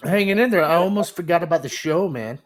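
A man's voice: on the high side, lively intonation, quick pace, soft background music. A male podcast panelist in easygoing, joking banter.

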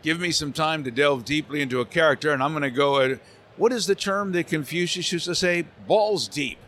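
A man's voice: on the high side, brisk, a little hiss or hum. A man who works as a voice actor, telling stories animatedly in an interview at a convention center and slipping into character voices. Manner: lively, slips into character voices. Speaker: voice actor guest.

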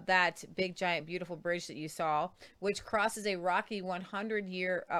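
A woman's voice: mid-range voice, fairly bright tone. A woman co-hosting a news commentary show, retelling stories conversationally and stumbling over names. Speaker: co-host.

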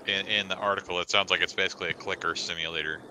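A man's voice: low voice, steady tone, racing, background noise. A man co-hosting a casual podcast chat, making dry, sarcastic remarks. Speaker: podcast co-host.

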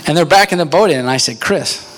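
A man preaching a sermon, telling a story with lively energy and laughing at his own jokes before reading scripture. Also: on the high side, racing. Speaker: pastor.

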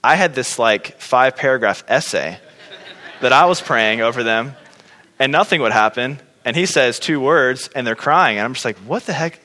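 Telling his faith story with plenty of fillers and reactions he acts out, this man speaks at a normal pace in a chatty, casual manner. A long hall reverb colors his mid-range voice, which is pushed and bright with lively intonation.

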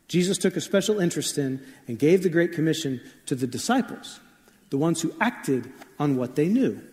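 A man's voice: a little high, animated, moderate pace, a little mellow, big-room sound. A man preaching a sermon as pastor, telling stories in a conversational way with frequent shifts of pace.

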